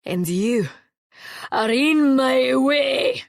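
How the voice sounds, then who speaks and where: A woman reading an audiobook and voicing an immortal male swordsman with a low, stern, dryly polite manner. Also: moderate pace, no room sound, studio quality, close to an everyday voice.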